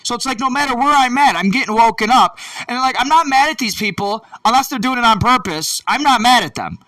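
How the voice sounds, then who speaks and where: Young man, very high voice, sharp and bright, rambling profane rant, sounds off-mic. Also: lively intonation, brisk, distant mic, low-quality recording. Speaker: YouTube vlogger. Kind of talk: late-night rambling rant to camera.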